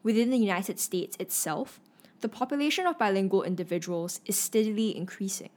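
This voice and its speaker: A woman reading scripted informative narration clearly. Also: mid-range voice, fairly quick, darkish tone.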